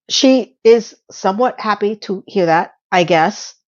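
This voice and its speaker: A woman's voice: medium pitch, measured pace, hardly any pauses, highs cut off. A woman casually recapping a TV episode, chatty and sarcastic, sometimes acting out the characters' lines.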